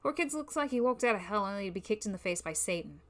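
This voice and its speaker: A woman's voice: mid-range voice, lively intonation, fast. A woman reading a fan-made game story aloud on a livestream, casual in manner. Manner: casual, with swearing asides. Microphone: new microphone.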